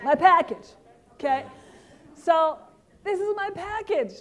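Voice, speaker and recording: High-voiced woman giving a lively keynote. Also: slow pace, a faint crowd. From Caribbean. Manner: lively, interactive, talks to the audience directly. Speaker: keynote speaker. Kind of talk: motivational keynote speech.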